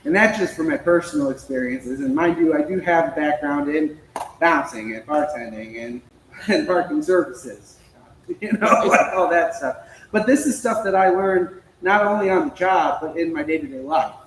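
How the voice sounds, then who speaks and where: A man with a fairly high voice tells stories to a small audience, acting out each exchange and laughing often. He is recorded in an echoey room with a faint hiss behind him. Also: normal speed. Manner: lively storytelling, acts out quoted dialogue, laughs often. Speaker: speaker at a local political club meeting. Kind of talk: storytelling talk to a small audience.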